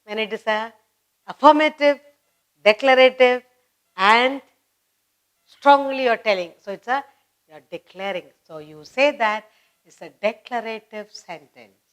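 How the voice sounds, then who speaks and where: A woman's voice: a little high, measured pace, long pauses. A woman teaching a children's grammar lesson, repeating each example sentence and explaining it step by step. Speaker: English teacher.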